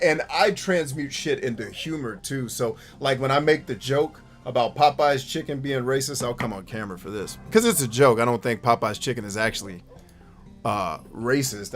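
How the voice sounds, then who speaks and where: A man of middling pitch hosts a gaming show, talking over his play in loose, unscripted commentary. He is blunt and swears freely, and he breaks into jokey asides. Game music runs softly behind him. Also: moderate pace. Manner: blunt, profane and emphatic; laughs easily, jokey asides. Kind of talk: casual gameplay commentary.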